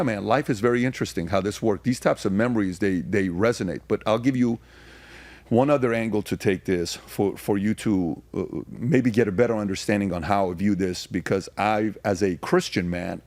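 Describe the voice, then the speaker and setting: A man with a fairly low voice, talking as a podcast guest in a casual conversation. He tells personal stories and builds to emphatic, rhetorical arguments. The sound is dry and close. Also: darkish tone, dry recording. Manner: storytelling, turning emphatic and rhetorical when arguing.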